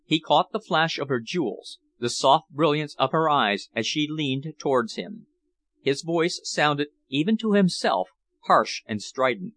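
A man narrating a novel as an audiobook, reading in an expressive, measured way. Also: on the high side, dry recording.

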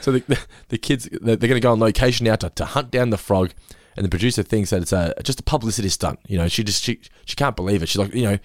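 A man's voice: lowish voice, fast talker, hardly any pauses, dry recording, studio quality. A man co-hosting a podcast, chatting casually and laughing as he rambles about an episode. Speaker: podcast co-host. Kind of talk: casual chat reviewing an episode.

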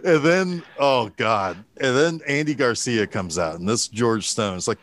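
A man's voice: mid-range voice, expressive, unhurried, fairly bright tone. A man co-hosting a casual movie talk, retelling scenes with energy, quoting lines in voices and laughing. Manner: swears casually. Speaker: podcast co-host.

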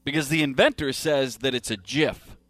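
A man hosting a sports radio talk show, steering the chat with quick easygoing questions. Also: mid-range voice, a bit bright, no echo.

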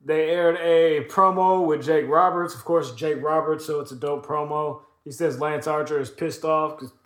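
A man on a casual podcast, running through a wrestling recap in a loose, profane ramble full of "uh" and "um". His voice sits a bit higher than most men's. The room around him is echoey. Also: steady tone, normal speed. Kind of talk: casual chat.

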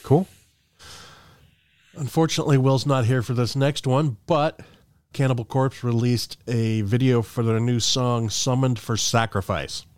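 A man's voice: medium pitch, fairly even intonation, measured pace, a little mellow, clear, resonant tone, no echo. Man hosting a metal podcast. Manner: presents news items, joking. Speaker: podcast host. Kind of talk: casual podcast chat. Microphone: studio mic on boom stand.

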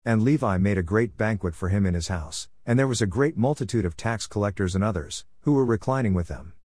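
A man reading scripture aloud in a steady, measured way, phrase by phrase. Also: on the low side, no echo. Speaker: scripture reader.

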